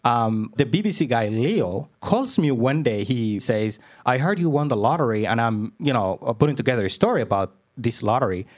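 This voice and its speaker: Man from Somalia, young adult, interview guest, halting speech, lots of fillers and restarts. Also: mid-range voice, expressive. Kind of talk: conversational storytelling.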